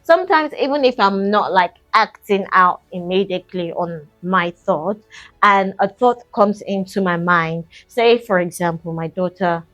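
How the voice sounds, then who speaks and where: A middle-aged woman talks as a mindset coach in a relaxed, chatty way, warmly pushing the listener along and calling her "sis". Her voice sits in an ordinary middle range. Soft music plays quietly underneath. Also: mid-range voice, measured pace. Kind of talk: casual coaching talk.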